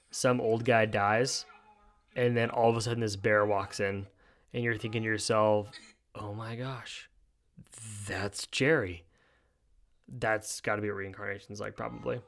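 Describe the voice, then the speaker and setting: A man's voice: lowish voice, fairly bright tone. A man hosting his own podcast solo, giving casual, joking commentary on news stories in a laid-back way that is full of "dude.". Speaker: podcast host.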